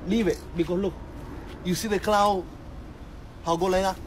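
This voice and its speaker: A man's voice: high voice, steady tone, moderate pace, slight background noise, poor audio. A man, a comedian teasing a friend in broken English in a skit.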